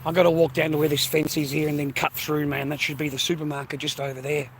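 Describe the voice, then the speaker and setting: A slightly high-voiced Australian man rambles and swears through a casual vlog while walking outdoors. He is a touch breathless from the pace, with faint street noise behind him. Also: level tone, fast. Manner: profane, rambling, blokey slang. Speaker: vlogger. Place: outdoors on foot.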